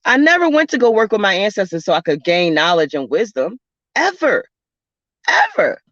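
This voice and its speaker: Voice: mid-range voice, big pitch swings, fast talker, fairly bright tone, no room sound. A spiritual vlogger talking bluntly and casually, swearing and rambling through stories. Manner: blunt, profane, rambling storyteller. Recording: dull lo-fi dry recording.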